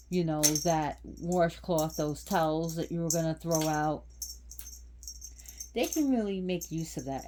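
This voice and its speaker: A woman's voice: lowish voice, dark tone, slight background noise. A woman hosting her own channel, giving a casual, rambling talk about a goddess. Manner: rambling, repeats and restarts phrases. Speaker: channel host.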